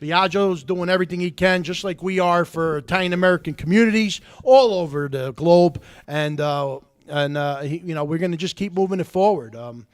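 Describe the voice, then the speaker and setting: High-voiced rambling talk show host. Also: male voice, brisk, few pauses, dry recording. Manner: rambling, many fillers and restarts. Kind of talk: casual talk show hosting.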